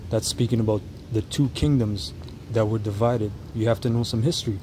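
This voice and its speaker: A man with a dark, mellow voice gives commentary on a clip and reads Bible verses at a slow, deliberate pace. He stumbles and restarts as he explains. A faint hiss of noise sits under his voice. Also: fairly low pitch, steady tone, low-quality recording. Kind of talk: reaction commentary with scripture reading.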